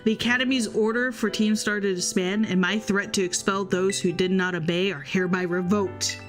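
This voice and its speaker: A woman voicing a formal middle-aged male academy director who speaks with measured, courteous politeness. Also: medium pitch, steady tone, soft background music, pitched below the performer's own voice, close to an everyday voice. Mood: solemn.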